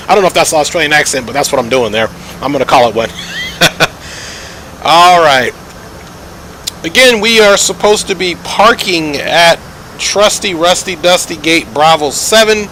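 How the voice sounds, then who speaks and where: A man's voice: high voice, expressive, moderate pace, bright, forceful tone, a little hiss or hum, rough recording. A man giving chatty live commentary while streaming a flight simulator, joking and thanking viewers as he goes.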